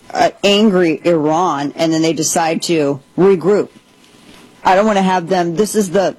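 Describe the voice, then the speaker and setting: A woman's voice: fairly low pitch, a little mellow, husky, dry recording, rough recording. A woman hosting a political talk show, giving sarcastic, rambling commentary with frequent restarts.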